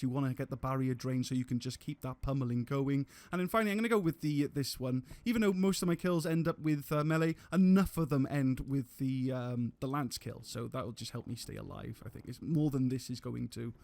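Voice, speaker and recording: A man's voice: mid-range voice, a little fast, vocal fry, a little mellow, no room sound. A man giving casual gameplay commentary on a live stream, rambling with restarts and casual swearing.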